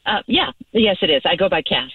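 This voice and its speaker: A woman's voice: on the low side, very animated, brisk, slightly rough, dry recording, recorded from a distance. Woman on a phone line, giggly and chatty, tinny lo-fi sound, dry. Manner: bubbly, giggly, then apologetic. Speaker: caller on the phone. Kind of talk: phone conversation.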